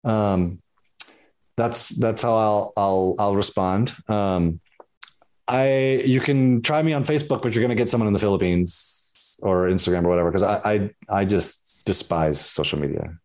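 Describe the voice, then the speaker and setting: A man speaking as a podcast guest about his business, candid and hesitant, pausing often to find his words. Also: on the low side, darkish tone. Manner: candid, hesitant, many fillers and restarts. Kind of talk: casual interview chat.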